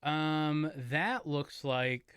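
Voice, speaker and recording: While streaming a game, a man chats casually, rambling, correcting himself, and eating as he talks. His voice is fairly high, fairly bright, and smooth, and he speaks very slowly. The studio-quality recording has no echo.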